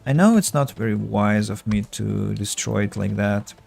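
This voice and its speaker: A man streaming a game, thinking aloud in halting casual commentary, his voice tired and fading. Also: fairly low pitch, vocal fry, a little mellow. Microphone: earbuds.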